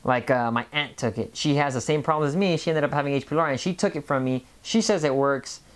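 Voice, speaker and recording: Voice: mid-range voice, quick pace. A vlogger of Mexican background talking in a casual monologue, rambling, stopping and restarting, and repeating words. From Mexican family background. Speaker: health vlogger.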